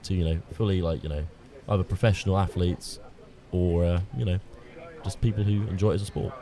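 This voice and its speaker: Fast, rambling young male co-commentator. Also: deep voice, fairly even intonation, warm tone. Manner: rambling, with many fillers. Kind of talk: casual live commentary. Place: outdoors on a riverbank at a regatta. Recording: outdoor mic with clear crowd noise.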